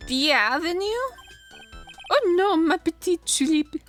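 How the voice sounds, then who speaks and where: A woman's voice: very high-pitched, expressive, takes it slowly, fairly bright tone, faint music behind, voice pushed up, exaggerated voice. A woman voicing a flamboyant, flirty male French chef in a theatrical put-on French accent, gushing and sprinkling French words. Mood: fussing.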